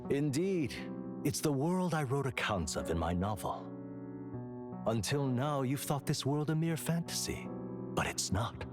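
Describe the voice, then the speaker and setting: An actor playing a mysterious, condescending male author in a video game, speaking in a slow, hushed, breathy whisper. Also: mid-range voice, big pitch swings, music in the background. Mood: hushed, grave. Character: mysterious grandiose male author, cold and lecturing.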